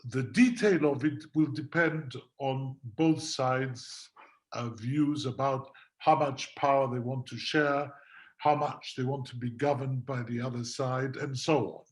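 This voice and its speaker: A man answering as a guest lawyer in a webinar panel discussion, heard through a video call. He talks in a measured, reasoned way, building his case point by point and pausing on fillers as he goes. His voice sits at an ordinary pitch for a man. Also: steady tone.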